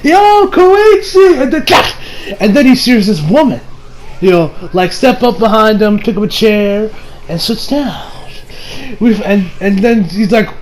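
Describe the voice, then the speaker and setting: Rambling high-voiced man recapping anime. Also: a little hiss or hum, rough recording. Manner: rambling, full of "like" and "you know" fillers. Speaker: anime reviewer. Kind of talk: casual episode recap.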